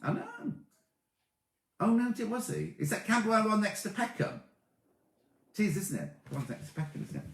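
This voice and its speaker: A man in his late thirties hosting a casual sewing livestream, chatting excitably and greeting viewers by name as he reads their comments. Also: sits high, moderate pace, gravelly, long pauses. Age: 30s. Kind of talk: casual live-stream chat reading comments. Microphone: tablet or camera mic. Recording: echoey room.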